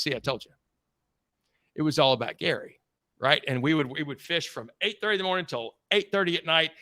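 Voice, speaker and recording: Man, podcast guest, blunt storyteller, swears freely, slightly high voice, dry close sound. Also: pushed and bright, no echo. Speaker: podcast guest, sales coach. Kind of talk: casual storytelling interview.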